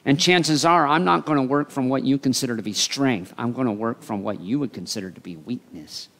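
A male pastor preaching a sermon in an animated storytelling way. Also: medium pitch, fairly quick, gravelly. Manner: animated storytelling, acting out voices.

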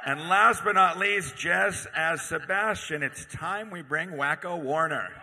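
Bright, animated male stage host. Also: on the high side, long reverb tail. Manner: upbeat announcing, brisk cast callouts. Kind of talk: live panel hosting. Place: convention stage, in front of crowd.

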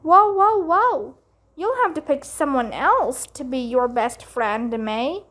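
A theatrical little boy from a storybook, scheming and dramatic, as a woman reads him aloud. The voice sits high and the lines come slow and weighty. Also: sing-song, heavily acted. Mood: bossy.

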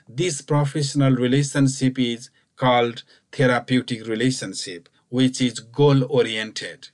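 A man giving a recorded lecture, explaining points slowly and repeating key instructions. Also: mid-range voice. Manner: slow, repetitive, instructive phrasing.

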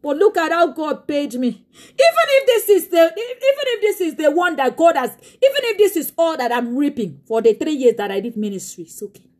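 Woman preacher, very high pitched voice, impassioned, tearful shouting. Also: very animated, normal speed. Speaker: pastor. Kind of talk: sermon.

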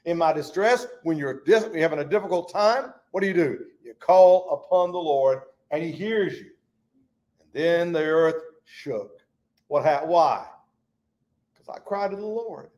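A man leading a Bible study, preaching fervently in a folksy way and swinging between loud and hushed. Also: a little high, animated, unhurried.

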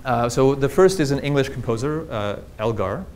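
A man's voice: medium pitch, moderate pace, darkish tone, slight background noise. A man giving a public linguistics lecture with slides, explaining things plainly and throwing rhetorical questions at the audience.

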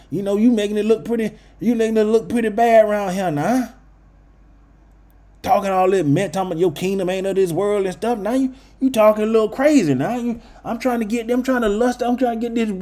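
A man's voice: sits high, darkish tone, lightly acted. A man voicing a greedy, scheming male temple leader who mocks and plots in slangy, sarcastic talk. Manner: sarcastic, slangy, wheedling then plotting.

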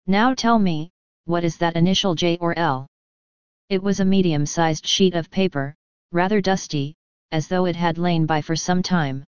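A woman reads a novel aloud in a steady, even manner. Her voice is low and very clear, recorded close and dry. The sound is a bit dull and lo-fi. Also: dry recording. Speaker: audiobook narrator. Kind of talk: scripted narration.

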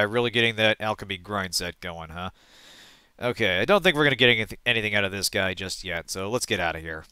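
A man hosting a let's play, reading game text aloud and thinking out loud, often trailing off and correcting himself. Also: on the low side, brisk, smooth, dry recording.

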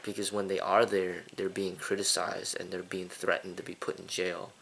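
A man's voice: low voice, little pitch movement, normal speed, vocal fry, fairly bright tone, breathy edge. A man hosting his own channel, talking in a casual, indignant opinion monologue with lots of fillers and repeated phrases. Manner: repetitive, indignant, many fillers. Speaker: kung fu channel host.

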